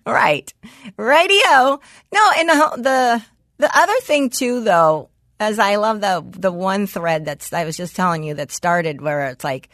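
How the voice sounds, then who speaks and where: A woman's voice: mid-range voice, animated, unhurried, a bit bright, dry recording, clean studio sound. A woman with a New Jersey accent co-hosting a podcast in casual chat, laughing often and talking bluntly with some swearing. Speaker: podcast co-host.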